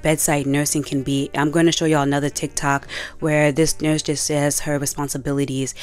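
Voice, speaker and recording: A young woman vlogger telling a story in a casual, animated, slangy way. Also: sits low, normal speed, smooth, soft background music. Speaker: commentary vlogger. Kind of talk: casual commentary.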